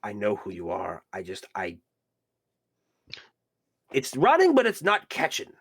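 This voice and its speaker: Forgetful kindly old grandfather, halting and soft-spoken, husky edge, put on by a man. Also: fairly low pitch, wildly swooping pitch, full character voice. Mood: gentle. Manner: halting, gentle, trails off.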